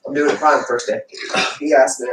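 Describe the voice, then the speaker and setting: A man on a livestream telling a long, profane story fast and acting out what people said. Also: mid-range voice, steady tone, noisy background. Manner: fast, profane storytelling, acts out quotes loudly. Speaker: livestream host. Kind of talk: casual chat. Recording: echoey room, far from the mic.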